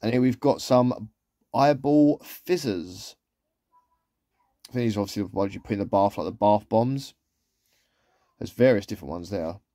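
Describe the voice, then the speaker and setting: Man, chatty shopping commentary, warm timbre, dry recording. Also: fairly low pitch, moderate pace, long pauses, no room sound. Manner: chatty, rambling, with trailing asides. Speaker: vlogger. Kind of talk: casual shopping haul commentary.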